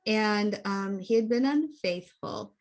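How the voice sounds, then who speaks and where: A woman hypnosis practitioner co-hosting a candid chat, explaining things in a steady, affirming way. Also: medium pitch, slow pace.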